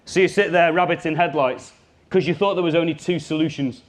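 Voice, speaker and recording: Guy running a workshop, higher voice, jokey and lively, keeps talking right at the room. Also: fairly quick. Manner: lively and jokey, addresses the audience directly. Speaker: business trainer. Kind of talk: live workshop talk.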